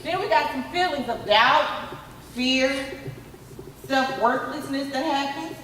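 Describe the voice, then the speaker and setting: A high-pitched woman gives an animated motivational talk to a crowd, calling people up and driving her points home with repetition. Her voice is picked up from a distance in a large hall, with long, booming reverb around every word. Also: takes it slowly, slight background noise. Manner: animated, coaxing, repetitive calls. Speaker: motivational speaker. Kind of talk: motivational talk with audience volunteers. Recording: echoey hall from far off.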